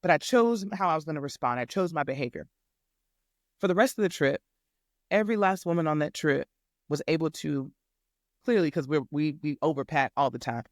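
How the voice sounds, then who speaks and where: A woman guest on a podcast, a life coach, telling a faith testimony in an animated, emphatic way and acting out the dialogue. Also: sits low, a little fast, pauses often, dry recording, clean studio sound. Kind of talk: faith testimony storytelling in casual chat.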